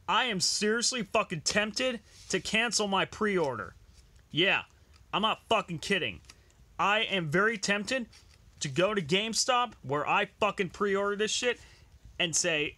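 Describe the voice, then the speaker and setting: Young male gaming vlogger, furious and foul-mouthed, fairly high, lively pitch. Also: a little slow. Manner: angry, swears constantly. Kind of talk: ranting reaction video.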